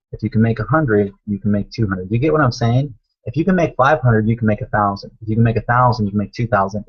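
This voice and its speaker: A man's voice: on the low side, slightly rough, highs cut off. A man coaching viewers on a live stream, talking emphatically, repeating himself and calling them guys. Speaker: online business coach. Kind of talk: motivational live stream talk.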